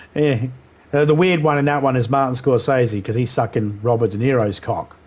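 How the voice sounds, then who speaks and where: A man's voice: mid-range voice, fairly even intonation, moderate pace, darkish tone. A man streaming a video game live, riffing in crude, rambling banter and laughing at his own jokes.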